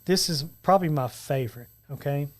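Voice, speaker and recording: A man co-hosting a casual studio podcast, rambling and reciting lyrics slowly. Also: fairly high pitch. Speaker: podcast co-host.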